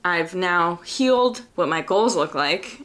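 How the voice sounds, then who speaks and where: A woman's voice: on the low side, expressive, slow pace, a bit bright. Chatty young woman vlogging. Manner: chatty, earnest, laughs often. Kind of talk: casual reflective vlog talk. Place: home by an open window.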